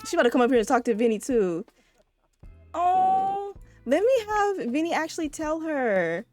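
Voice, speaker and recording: A woman giving casual, chatty commentary while she plays a life-simulation game, often turning to her viewers with excited asides. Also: high-pitched, moderate pace, soft background music. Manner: chatty, addresses viewers as y'all, excitable exclamations. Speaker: let's play creator.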